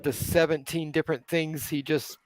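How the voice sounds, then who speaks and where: A man on a group call, a first-time guest, talking casually in halting, repeated phrases. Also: fairly high pitch, flat delivery, poor audio. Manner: halting, repeats himself, laid-back.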